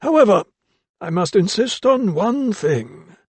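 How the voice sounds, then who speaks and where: Man doing a gruff, blustering old doctor. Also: sits high, big pitch swings, no echo, voice pushed up, full character voice. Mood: insistent, commanding. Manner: raised, slow and drawn out. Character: elderly male anatomist, gruff, blustering, inquisitorial.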